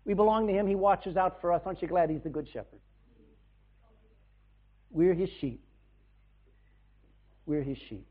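Folksy preacher guy, loud then quiet, kinda high voice, sounds like a cheap phone recording. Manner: folksy, rising to loud bursts and dropping to soft asides. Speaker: pastor. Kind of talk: sermon. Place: church. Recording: tinny, phone-like band.

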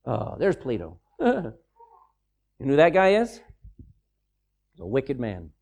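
A man preaching a sermon, animated and emphatic, with mocking, sarcastic asides. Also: medium pitch, takes it slowly, creaky.

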